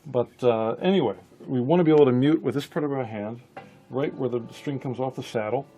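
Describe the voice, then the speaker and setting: A man's voice: medium pitch, a little fast, dark tone. A man giving a casual guitar lesson, thinking aloud with frequent restarts. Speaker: guitar teacher. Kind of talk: casual instructional talk.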